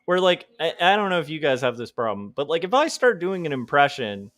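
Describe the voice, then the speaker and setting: A man's voice: fairly high pitch, big pitch swings, moderate pace, a bit bright, no room sound, clean studio sound. Rambling, joking man live-streaming. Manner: rambling, self-deprecating, joking. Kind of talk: casual livestream chat.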